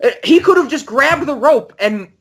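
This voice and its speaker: Podcast cohost guy, super lively pitch, swears a lot when something annoys him. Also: moderate pace. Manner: incredulous, swears freely while ranting. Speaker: podcast co-host. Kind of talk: casual chat.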